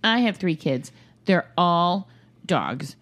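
A woman in her thirties co-hosting a podcast, telling stories in casual chat with dry, deadpan jokes. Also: fairly low pitch, slow. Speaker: podcast co-host.

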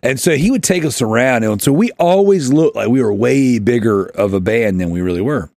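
This podcast host spins a funny, rambling story in casual conversation, laughing as he goes and shouting out acted quotes. He speaks at normal speed in an animated, medium-pitched voice with vocal fry, and there is no echo.

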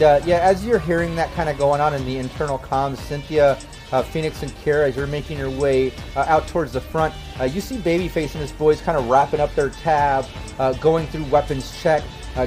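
A man's voice: on the high side, fairly even intonation, a little fast, darkish tone, faint music behind. Man narrating a tabletop game. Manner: loose, filler-heavy narration with many restarts. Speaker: game master.

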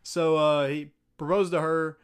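A man co-hosting a casual chat, relaxed and laughing, his voice often trailing off quietly. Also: on the high side, a little slow, smooth. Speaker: podcast co-host.

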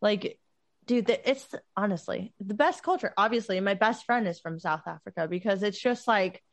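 A woman hosting a podcast in casual chat, chatty and quick to laugh. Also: mid-range voice, animated, no room sound. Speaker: podcast host.

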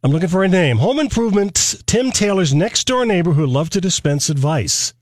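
A man's voice: sits high, brisk, no echo, studio quality. A man co-hosting a casual podcast, running a playful trivia quiz with his co-hosts. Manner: playful, animated quizmaster. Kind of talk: casual chat.

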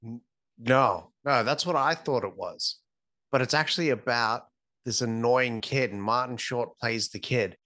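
A man's voice: mid-range voice, measured pace, sharp tone. A man from Australia, a podcast guest in casual chat who laughs often and swears casually.

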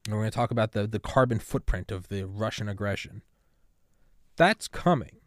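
This podcast host speaks alone at a normal pace in a fairly low male voice, sarcastically railing against politics, cursing and wandering off on asides. Studio-quality sound, no room ambience.

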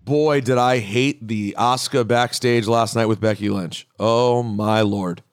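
A man co-hosting a podcast, chatting casually about wrestling in a blunt, opinionated, animated way with emphatic repeats. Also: medium pitch, measured pace. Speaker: podcast co-host.

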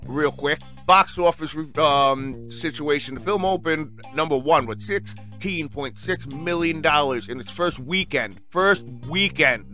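Man vlogger with a bright, slightly high voice, reviews movies in an animated, profane rant. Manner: excitable, swears, keeps saying "freaking". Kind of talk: casual rant reading off a webpage.

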